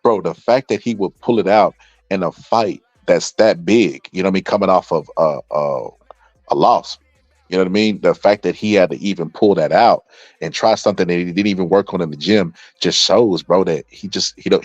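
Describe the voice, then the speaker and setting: A man with a very low voice talks through boxing takes in a relaxed, tired way, peppering everything with "bro." The sound is dry and a little muffled, like a basic home mic. It feels like a late-night chat with his viewers. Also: normal speed, no echo. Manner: laid-back, says "bro" often, laughs at comments. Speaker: boxing commentator reading viewer comments. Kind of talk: casual livestream commentary.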